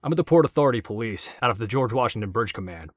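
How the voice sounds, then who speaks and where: A man's voice: medium pitch, lively intonation, very fast, dry recording, studio quality, natural voice. A man voicing a tense, guarded young male police officer who gives short answers.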